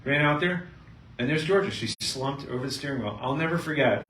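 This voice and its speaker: A middle-aged man, a chiropractor, speaking to a live seminar audience and telling a patient story with lively storytelling. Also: medium pitch, a little fast. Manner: storytelling, acting out both sides of a patient story, animated. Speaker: chiropractor giving a health seminar. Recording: echoey room, mic at a distance, faint noise.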